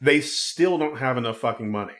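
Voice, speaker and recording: A man in casual film talk, animated and swearing freely, acting out characters' lines. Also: medium pitch, brisk.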